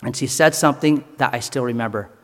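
A man's voice: medium pitch, in a large hall. A man preaching in a sermon, telling personal stories earnestly in short, broken phrases. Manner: earnest storytelling, pausing between short phrases. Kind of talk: sermon testimony.

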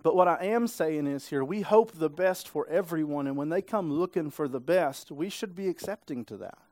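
A man's voice: fairly high pitch, normal speed, a little mellow, no room sound. Casual-sounding male preacher, dry close sound. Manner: casual, conversational preaching with frequent tag questions. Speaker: pastor. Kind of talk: sermon. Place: church sanctuary.

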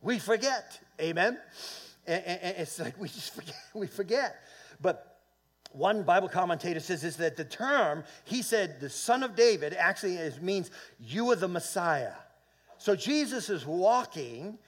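High-voiced man preaching fervently. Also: lively intonation, measured pace, a bit bright. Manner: fervent preaching with swells of volume and call-and-response; repeats words and restarts often. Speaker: pastor. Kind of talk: sermon. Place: church sanctuary.

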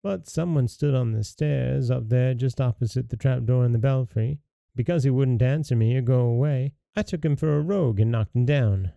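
Brief: man reading a guileless young storybook hero, earnest, gravelly low-key voice, dry close sound. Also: normal speed, warm tone, no room sound, lightly acted. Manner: earnest, plain-spoken. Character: naive fearless young man, simple-hearted.

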